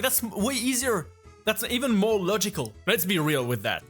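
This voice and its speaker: A Frenchman with a French accent chats casually in a reaction stream, stumbling and repeating his words. His voice sits a little high for a man, with faint music under it. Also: sing-song, normal speed, a bit bright, breathy edge. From France.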